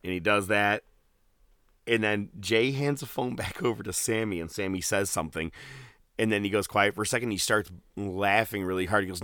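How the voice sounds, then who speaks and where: Bright-voiced man recapping wrestling. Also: fairly low pitch, brisk, clear, resonant tone, no room sound, studio quality. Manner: animated storytelling, swears freely, acts out quotes. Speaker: podcast co-host. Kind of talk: casual wrestling recap chat.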